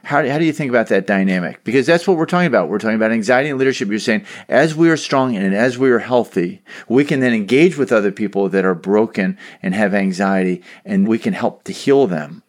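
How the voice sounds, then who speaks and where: A man's voice: fairly low pitch, quick pace, hardly any pauses. A man hosting a podcast, asking long, thoughtful, probing questions. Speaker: podcast host. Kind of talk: interview questions.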